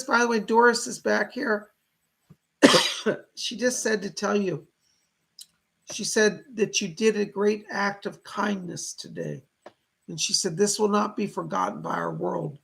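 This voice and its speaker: A man hosting a live psychic reading stream, thanking viewers and passing on messages from spirits in a chatty, animated way. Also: high-pitched, vocal fry, husky. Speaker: psychic medium host.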